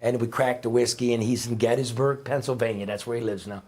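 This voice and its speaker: A man's voice: mid-range voice, steady tone, fast talker, darkish tone. A middle-aged man, a former reporter, telling heartfelt stories in a rambling, emphatic way. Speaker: guest, former newspaper reporter. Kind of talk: conversational storytelling.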